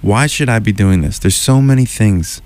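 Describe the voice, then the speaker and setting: Low-voiced man telling a winding story. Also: lively intonation, moderate pace, a little mellow. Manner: loose, winding storyteller who circles back on himself. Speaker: musician guest. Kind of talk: radio interview storytelling.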